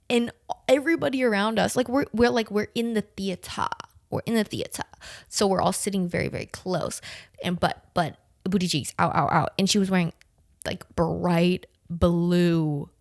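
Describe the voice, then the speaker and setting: Speaking at a medium pitch with a creaky voice, this southern American woman in her twenties hosts a podcast and spins a casual, profane, animated story packed with slang and "like." The studio-quality audio carries no room sound.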